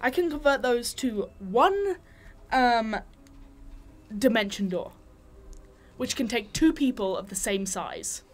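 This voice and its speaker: A woman's voice: fairly high pitch, lively intonation, slow, pauses often. A woman playing a tabletop game, blunt and jokey with plenty of swearing. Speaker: player. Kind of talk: tabletop game role-play.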